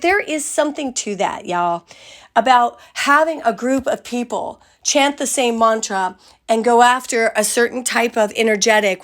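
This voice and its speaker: An older woman with a raspy voice from a cold, giving a chatty, meandering spiritual talk to her community. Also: on the high side. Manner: chatty, meandering, drawn-out phrasing. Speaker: spiritual teacher.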